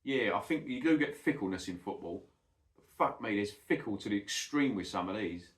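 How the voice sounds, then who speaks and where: A middle-aged football vlogger rants bluntly in a casual monologue, swearing heavily and calling the listener "mate." His voice is fairly low and expressive at normal speed, recorded in an echoey room.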